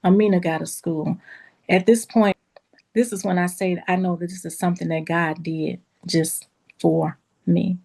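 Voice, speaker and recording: A woman who owns a beauty school tells a personal story in a lively, casual way, talking straight to her listeners and acting out what people said. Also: on the low side, normal speed, creaky. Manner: lively, acts out quoted dialogue in a raised voice; casual, addresses listeners as y'all.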